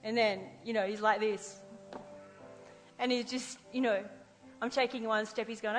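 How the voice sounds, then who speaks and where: A woman preacher telling personal stories in a lively sermon, acting out the voices she quotes. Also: on the high side, a little slow, long pauses, big-room sound, soft background music, low-quality recording.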